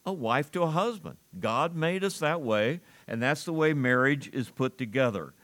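A man preaching a sermon to a congregation, earnest, with pauses, restarts and emphatic rises on key lines. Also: medium pitch, animated, a bit bright. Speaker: pastor.

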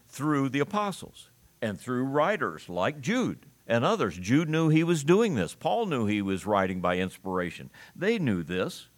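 A man preaching an expository sermon, emphatic, slowing down to stress key phrases and reading scripture aloud. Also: lowish voice. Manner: reads scripture aloud in old-fashioned wording.

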